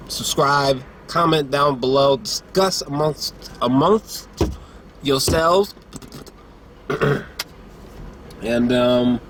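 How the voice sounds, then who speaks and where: A young man giving a casual movie review, rambling and profane, with lots of filler words and throat clearing. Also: medium pitch, a bit bright. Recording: faint background noise.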